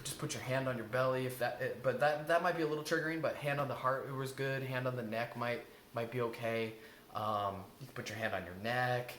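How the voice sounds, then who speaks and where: Male coach, mid-pitched, earnest and rambling delivery; roomy recording with faint background noise. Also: fairly bright tone. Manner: earnest, rambling, with many restarts and fillers. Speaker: emotional eating coach. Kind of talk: casual spoken lesson. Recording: echoey room with faint ambient noise.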